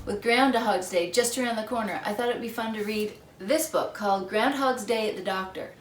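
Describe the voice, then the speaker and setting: A woman reading a picture book aloud for children in an expressive storytelling voice. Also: medium pitch, moderate pace, over music. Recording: echoey room.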